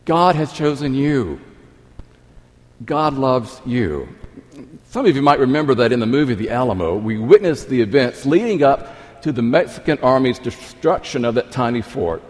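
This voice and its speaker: A male pastor preaching a sermon, emphatic, repeating key phrases and swinging between loud and soft. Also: medium pitch, lively intonation, normal speed. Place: church sanctuary. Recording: long reverb of a large hall.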